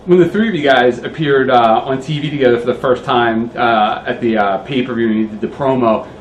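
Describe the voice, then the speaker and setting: A man's voice: medium pitch, brisk. A man asking interview questions in a casual, hesitant way with fillers. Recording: dull, echoey sound with faint noise.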